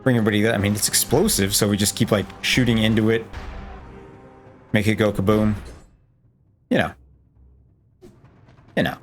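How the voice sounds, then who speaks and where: Low-voiced man rambling over gameplay. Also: steady tone, moderate pace, pauses often, soft background music. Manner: rambling, playful, self-joking asides. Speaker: let's play gamer. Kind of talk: casual gameplay commentary.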